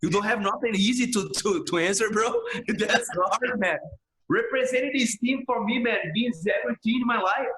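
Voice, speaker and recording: A man's voice: high voice, normal speed, fairly bright tone, echoey room, rough recording. A man, a jiu-jitsu instructor talking passionately in a casual podcast interview, filling his speech with "man" and "bro".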